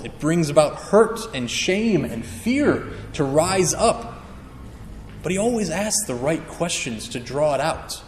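Male preacher, earnest, emphatic, slightly high voice, roomy reverb. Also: slight background noise. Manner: earnest, emphatic teaching with acted-out quotes. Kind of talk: sermon. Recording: echoey hall with long reverb.

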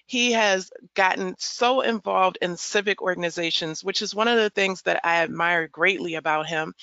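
An enthusiastic woman hosts a podcast interview, with a gravelly, bright voice that has some fry in it. The sound is dry and a little dull, as if from a lo-fi mic. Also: lowish voice, no echo. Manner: enthusiastic, upbeat introductions. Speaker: podcast host.

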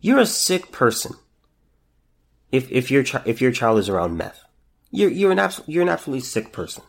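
Halting, emotional man on a podcast. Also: medium pitch, big pitch swings, creaky. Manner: halting, repeats words, emotional and indignant. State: close to tears. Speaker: podcast host. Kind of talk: solo commentary podcast.

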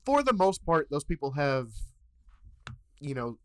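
A man's voice: a little high, very animated, fairly bright tone, smooth. A man telling a story in a casual podcast chat, rambling with lots of fillers. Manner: fast, rambling, filler-heavy. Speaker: podcast co-host.

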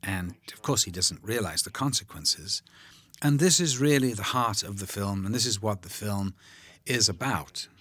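An older male actor recording a film commentary, telling anecdotes in an animated way and voicing the people he quotes. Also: on the low side, normal speed, slightly rough. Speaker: actor discussing his film. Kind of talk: commentary track chat.

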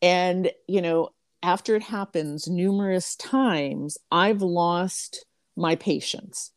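A woman hosting a podcast interview, chatty and quick to laugh, sharing personal examples. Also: fairly low pitch, no echo, studio quality. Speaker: podcast host.

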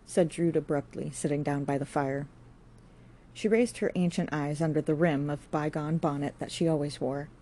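Low, mellow woman narrating a classic novel. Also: fairly even intonation, normal speed, a little hiss or hum. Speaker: audiobook narrator.

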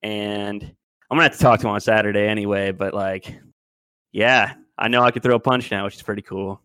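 A man's voice: fairly low pitch, fairly even intonation, fairly quick, fairly bright tone, smooth, no echo. A man in his twenties telling a long story in casual podcast chat, rambling and loose. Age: 20s. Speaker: podcast co-host.

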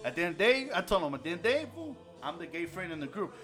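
Animated, high-voiced man telling a rowdy story. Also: racing. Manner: profane, laughing, mixes Spanish slang into English. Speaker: storyteller among friends. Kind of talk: casual chat. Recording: music playing behind.

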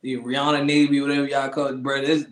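A man's voice: medium pitch, little pitch movement, quick pace, roomy sound. A man co-hosting a casual chat, laughing often, repeating himself and acting out other people's lines. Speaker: podcast co-host.

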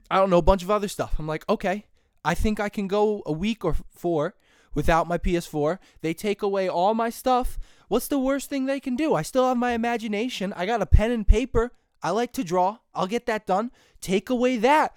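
A young man hosting a casual comedic rant, excitable and quick to get fired up. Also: fairly high pitch, smooth, no room sound, clean studio sound. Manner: excitable, builds to shouting when fired up. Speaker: host.

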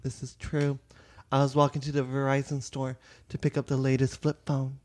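A young man co-hosting a casual chat, joking, laughing a lot and spinning an absurd improvised story with loud exaggerated voices. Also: medium pitch, completely flat delivery, normal speed. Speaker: podcast co-host.

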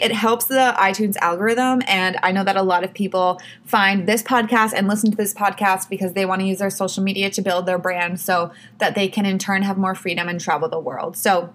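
A woman's voice: medium pitch, a bit bright. Chatty woman podcast host. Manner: chatty, lots of "like" and "you know". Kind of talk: casual solo podcast advice.

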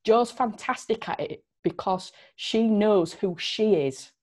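A woman's voice: mid-range voice, takes it slowly, a little mellow. A woman hosting a podcast, explaining in an earnest, emphatic way. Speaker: podcast host. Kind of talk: casual chat.

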